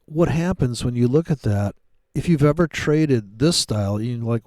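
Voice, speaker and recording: A man's voice: medium pitch, expressive, moderate pace, hardly any pauses, a little mellow, no echo, clean studio sound. A man giving rambling, sarcastic, profane commentary while trading live. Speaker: day trader streaming live.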